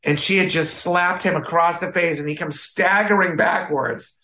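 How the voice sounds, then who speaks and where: In a slightly high voice at normal speed, a Midwest-born photographer and author chats as an interview guest. He tells stories casually and with animation, taking on the voices of the people he quotes.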